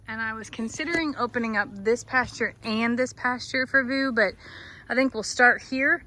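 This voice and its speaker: Outdoors on her farm, a vlogger and horse owner chats casually to the camera as she does chores, talking to herself and making playful asides to viewers. Her voice is medium in pitch with a sharp tone.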